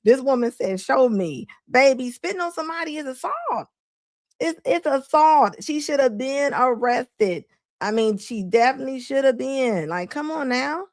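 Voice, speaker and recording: A woman's voice: high-pitched, lively intonation, normal speed, dry recording. A woman hosting a live show and commenting on a clip, laughing often and scolding emphatically. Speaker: host.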